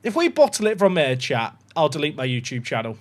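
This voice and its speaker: A young man streaming a football management game, talking straight to his chat. His slightly high voice swings wildly up and down as he reacts, and he swears casually between bursts of excitement. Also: fairly quick. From England. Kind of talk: live gaming commentary.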